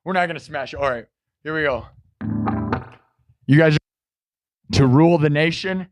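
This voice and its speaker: A man hosting a live music stream, chatting in a rambling, excitable way and breaking into shouts. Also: a little high, measured pace, no room sound. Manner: excitable, bursts into shouts, heavy use of "like".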